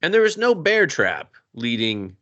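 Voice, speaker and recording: A man's voice: on the high side, very animated, measured pace, fairly bright tone, highs cut off. A man co-hosting a movie podcast, bantering in a laid-back, profane way. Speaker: podcast co-host. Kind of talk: casual comedic movie talk.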